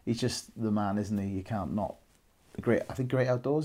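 Chatty Welsh man with a dark voice. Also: fairly low pitch, moderate pace. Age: 30s. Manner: chatty, rambling, laughs often. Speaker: podcast co-host. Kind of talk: casual film chat.

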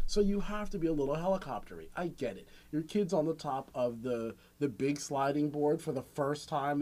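A man's voice: fairly high pitch, darkish tone. A man chatting casually on a podcast, telling stories animatedly and acting out quotes, with frequent swearing.

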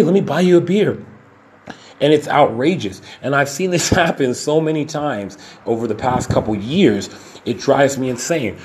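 A man delivering a heated solo podcast rant at a middling pitch. He talks with blunt emphasis and swears freely, drawing some words out slowly and rushing through others. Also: a little mellow. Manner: impassioned, emphatic rant with profanity; shifts between slow deliberate stresses and rapid bursts. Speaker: podcast host.

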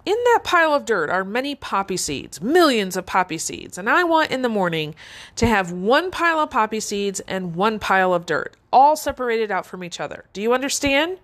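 A woman's voice: mid-range voice, big pitch swings, normal speed, a bit bright. Woman putting on Baba Yaga, a sneering old witch. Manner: sneering, barking, screeching.

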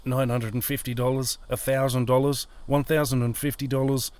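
A man's voice: fairly high pitch, very animated, moderate pace, a bit bright. A man playing a pleading, rat-faced schemer. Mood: muttering. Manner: pleading, muttering under his breath. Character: nervous greedy rat-faced man, middle-aged.

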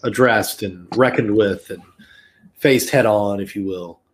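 A man's voice: fairly low pitch, a little slow, slight background noise. Rambling Southern American man. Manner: rambling, digressive, many fillers. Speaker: podcast host. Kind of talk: casual chat.

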